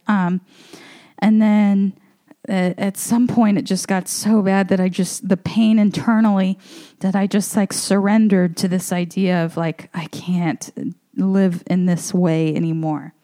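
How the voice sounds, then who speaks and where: Rambling, mellow-voiced woman talking while walking. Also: on the low side, little pitch movement, slow pace. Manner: rambling, loose and candid, with lots of fillers and swearing. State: out of breath. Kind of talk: casual spoken monologue. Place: her apartment, walking around.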